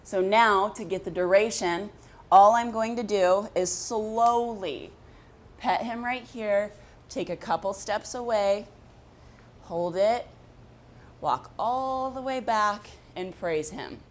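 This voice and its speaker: A woman dog trainer in an instructional vlog, explaining calmly and plainly, and breaking into a high, gushing voice when she praises her dog. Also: slow.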